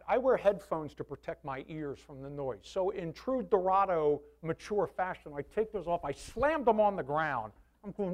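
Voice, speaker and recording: A man in his sixties, a pastor, telling a personal testimony to his congregation in an animated, candid way with self-deprecating humor. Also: high-pitched, normal speed.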